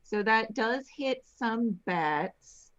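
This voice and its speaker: Woman gamer, slow and playful, pitch bouncing all over, dull lo-fi mic. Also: expressive, fairly bright tone. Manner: playful, giggly. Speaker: player. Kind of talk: casual tabletop game chat.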